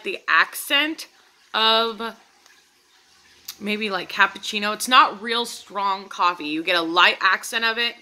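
In a pushed, bright voice of medium pitch, a woman reviews candles in a casual vlog, chatty and enthusiastic as she addresses her viewers as "you guys." The recording is rough.

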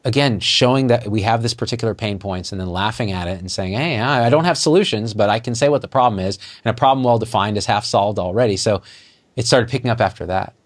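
A middle-aged man, a physician guest, telling a story in conversation and acting out the dialogue with lively jumps in his voice. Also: quick pace. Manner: animated, acts out quoted dialogue with jumps in pitch.

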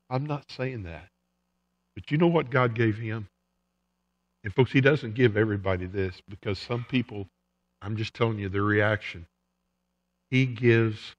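A man preaching a sermon as pastor in a church, earnest and emphatic, letting the ends of his phrases trail off softly. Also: lowish voice, big-room sound, lo-fi sound. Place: church sanctuary.

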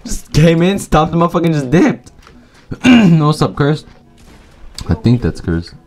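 A man's voice: fairly high pitch, big pitch swings, normal speed, a little mellow. A man giving casual, profane gameplay commentary, full of slang and trash talk as he plays. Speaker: gaming YouTuber.

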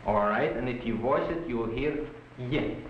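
A male language professor giving a patient, deliberate pronunciation lecture to a class. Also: medium pitch, noisy background. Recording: muffled roomy 1960s film soundtrack.

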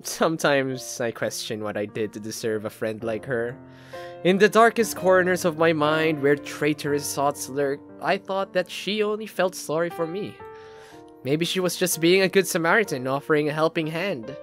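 A man's voice: a little high, normal speed, a bit bright, soft background music. A man from the Philippines reads a game's narration aloud as a let's play gamer, dramatic, with his own asides in between. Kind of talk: reading game narration aloud with commentary.

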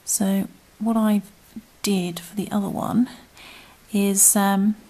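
Slow and steady in tone, this woman from the UK has a medium-pitched, dark voice. Hosting a crochet tutorial, she talks through each step in a chatty way, frequently dropping to murmurs and whispers while she works.

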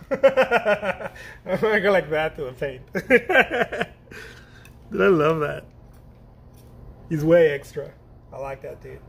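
A middle-aged man from Mexico teaching painting in a casual, excitable, slangy way, laughing often and repeating himself. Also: a little high, gravelly, husky. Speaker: painting instructor. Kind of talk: casual chat while painting.

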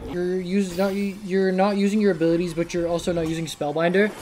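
Profane, excitable young woman gaming. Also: lowish voice, a little fast, background noise. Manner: profane, excitable, talks to herself. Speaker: streamer. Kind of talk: gameplay commentary.

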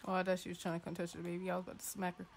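A gaming YouTuber chats playfully through a let's-play from her home setup, sometimes voicing her sims' thoughts in a squeaky tone. Her delivery is completely flat and rapid-fire.

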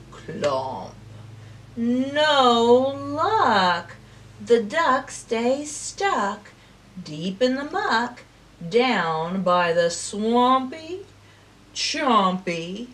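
A woman telling a rhyming story at circle time for preschoolers, slow and expressive, dropping to whispers and rising to calls. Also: medium pitch, far from the mic. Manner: slow, sing-song and expressive, with big swings between whispers and calls. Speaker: preschool teacher.

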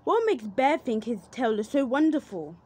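A woman's voice: a little high, very animated, moderate pace, dark tone, breathy edge, voice pushed up. A woman voicing a crafty, jealous male fox in a children's storybook reading, with a sly, coaxing manner.

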